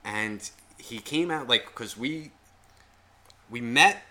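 A male podcast co-host spins a loose, rambling anecdote, cursing freely and circling back on himself. His voice has a very bright, sharp edge, sitting at an ordinary middle pitch. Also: slow. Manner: profane, rambling, animated storyteller. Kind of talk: casual storytelling chat.

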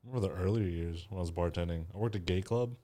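A man adds quiet, dry interjections to a casual chat. His voice is very deep and mellow. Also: quick pace.

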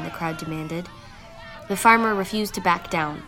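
A woman telling a dark fable as a storyteller, in measured, steady scripted narration. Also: fairly low pitch. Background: music.

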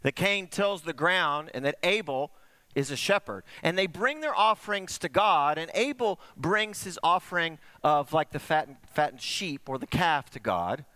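Guy preaching a sermon, voice all over the place up and down, bright, dry sound. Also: dry recording. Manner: animated storytelling, swooping between high and hushed. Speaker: pastor.

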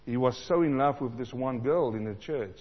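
A man from South Africa preaching a sermon, animated, repeating lines for emphasis and acting out the voices he quotes. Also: mid-range voice, moderate pace, breathy edge. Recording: dull sound in a large reverberant hall.

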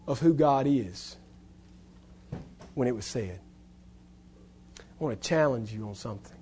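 A male pastor delivers a sermon, hitting key words loudly before sinking into hushed, low lines. There's a little background noise.

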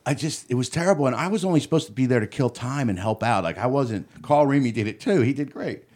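Lively laughing comedian telling stories. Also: male voice, medium pitch, fast. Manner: animated, laughing storyteller who acts out quotes. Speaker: comedian guest. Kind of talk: casual storytelling. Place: podcast studio.

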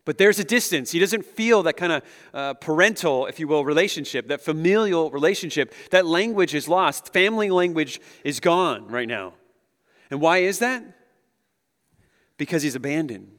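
A man in his thirties, a pastor giving a conversational, animated sermon and chuckling often as he speaks to the room. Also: fairly high pitch, normal speed. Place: large hall with an audience. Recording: long echo of a big hall.

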